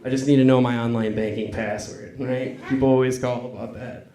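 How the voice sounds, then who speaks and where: A man performing a stand-up comedy set on a club stage, cursing and acting out callers in quick voices. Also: mid-range voice, steady tone, dark tone. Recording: echoey club with crowd. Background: audience laughing.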